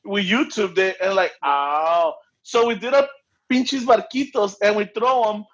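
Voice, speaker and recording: A man's voice: sits high, a little slow, lo-fi sound. A man co-hosting a podcast, joking in casual chat and mixing Spanish into his English. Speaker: podcast co-host.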